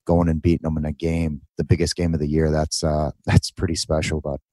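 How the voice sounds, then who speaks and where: A man's voice: rumbling low, flat delivery, brisk, mellow, no echo. A man in his forties co-hosting a podcast in casual chat, laughing, teasing and cheerfully opinionated. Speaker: podcast co-host.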